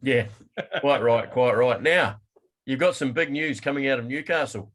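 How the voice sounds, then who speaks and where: A man's voice: medium pitch, moderate pace, fairly bright tone. A man co-hosting a sports podcast, reading the news steadily with dry jokes. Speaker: podcast co-host.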